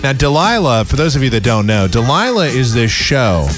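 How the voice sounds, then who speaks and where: A man's voice: mid-range voice, big pitch swings, normal speed, music in the background. A man hosting a comedic talk radio show, ranting sarcastically. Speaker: radio host.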